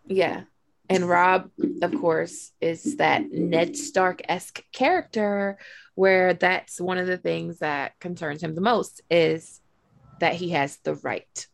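A woman's voice: on the low side, fairly even intonation, takes it slowly, vocal fry, no echo. A woman co-hosting a podcast who chats casually about a fantasy novel and reads passages aloud, with many fillers. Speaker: podcast co-host. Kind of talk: casual book discussion and reading aloud.

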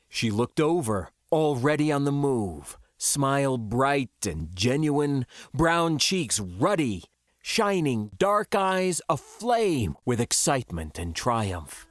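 A male author narrates his own science fiction tale in the first person. His delivery is unhurried and dramatic, with a lively, swinging pitch. The sound is close and dead dry, like a home booth. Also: no echo.

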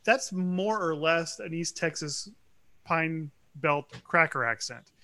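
A middle-aged man from Louisiana chatting casually on a podcast, ranting with quick asides. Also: on the high side, pushed and bright. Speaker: podcast co-host. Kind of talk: casual chat.

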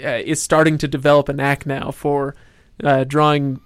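A man's voice: fairly high pitch, flat delivery, normal speed, clean tone, dry recording. A man hosting a casual book discussion podcast, steering the talk with questions and dry self-mocking jokes. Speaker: podcast host.

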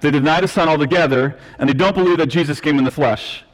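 A man's voice: on the high side, quick pace. Man preaching in a reverberant church. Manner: teaching, emphatic, with self-deprecating asides. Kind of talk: sermon. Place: church sanctuary. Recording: long reverb of a church hall.

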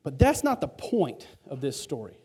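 A man's voice: medium pitch, wildly swooping pitch, moderate pace, mellow, husky. A male pastor preaching a sermon in a conversational, storytelling way.

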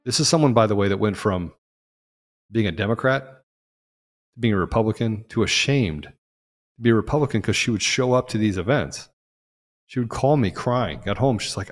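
A man hosting a political talk show, speaking in an impassioned monologue that swings from loud peaks to low asides. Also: expressive, normal speed, long reverb tail. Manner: emphatic, rising to loud peaks and dropping low. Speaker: podcast host.

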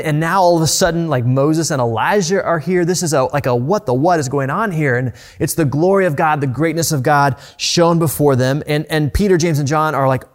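A man preaching a sermon, reading scripture and explaining it in a reflective, emphatic way, dropping softly at quiet moments. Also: a little high. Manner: reflective, emphatic Bible teaching with soft hushed moments. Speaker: pastor.

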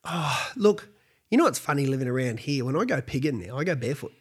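A man's voice: mid-range voice, big pitch swings, quick pace, slightly rough. A man co-hosting a casual podcast, laid-back and joking. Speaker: podcast co-host. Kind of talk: casual chat.

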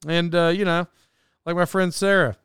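Rambling man with a smooth, dry voice. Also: high-pitched, level tone, normal speed, fairly bright tone, dry recording. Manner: rambling, self-doubting, laughs often, many restarts. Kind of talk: casual storytelling monologue.

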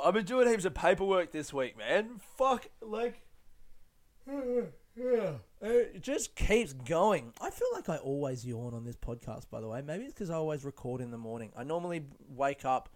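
A young man hosting a casual solo podcast, rambling, swearing and poking fun at himself. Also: medium pitch. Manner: rambling, sweary and self-mocking. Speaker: podcast host.

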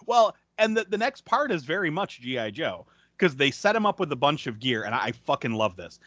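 A man talks through a movie recap on a podcast with a lively, swooping delivery and a bright, forceful tone. He swears casually and breaks into laughter often. The sound is dry and a little dull. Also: on the high side, a little fast, no echo. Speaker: podcast co-host.

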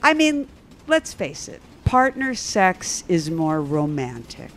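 A woman's voice: lowish voice, very animated, takes it slowly, a little hiss or hum. A middle-aged woman hosting a casual talk show as a therapist, speaking frankly and laughing often. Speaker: podcast host and therapist. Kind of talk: casual chat.

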